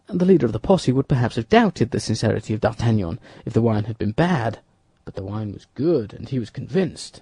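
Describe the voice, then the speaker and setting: A male narrator reads a classic novel aloud with lively, animated storytelling. His voice is husky and mellow. The recording is dry and close, with no room sound. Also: mid-range voice, fairly quick, no echo. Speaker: audiobook narrator. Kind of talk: scripted narration.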